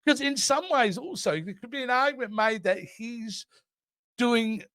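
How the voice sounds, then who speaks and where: A man's voice: extremely high pitch, moderate pace, a bit bright, no room sound. A man with an Australian accent, co-hosting a casual podcast chat in a wry, joking way. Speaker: podcast co-host.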